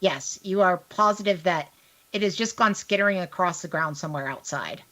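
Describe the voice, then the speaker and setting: A woman's voice: fairly low pitch, normal speed, fairly bright tone. A woman narrating a tabletop role-playing game as game master, in an easygoing, casual way.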